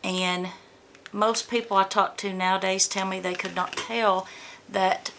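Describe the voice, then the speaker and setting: A woman's voice: medium pitch, fairly even intonation, measured pace, background noise. A woman from the American South chatting casually through a beauty box unboxing. She reads product blurbs aloud and stumbles over the product names. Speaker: beauty vlogger.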